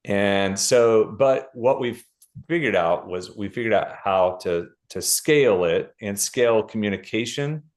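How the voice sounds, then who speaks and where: Energetic middle-aged man explaining. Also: fairly low pitch, a little slow. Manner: energetic, explains with lists and examples. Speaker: guest author. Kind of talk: casual interview talk.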